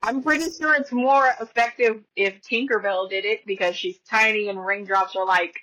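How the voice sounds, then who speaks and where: A woman's voice: mid-range voice, moderate pace, pushed and bright, low-quality recording. A woman co-hosting a podcast, making wry, offhand comments in casual chat. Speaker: podcast co-host.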